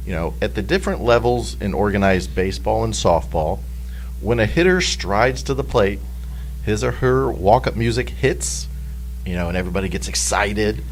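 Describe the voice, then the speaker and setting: A man presenting a comedic basketball talk segment, joking and animated. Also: lowish voice, normal speed, a little hiss or hum.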